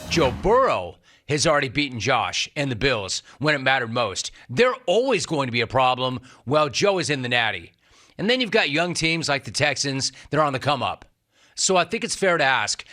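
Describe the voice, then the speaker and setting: A man's voice: fairly high pitch, bright, forceful tone. A middle-aged man hosting a sports talk show, delivering an emphatic, sarcastic monologue and repeating lines for punch. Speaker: sports radio host.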